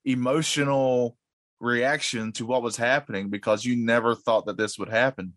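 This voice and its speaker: A relaxed man in casual podcast chat who stretches out his words and agrees easily. His pitch is ordinary. The sound is dry and close to the mic. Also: dry recording. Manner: relaxed, drawn-out, frequent agreeing "yeah".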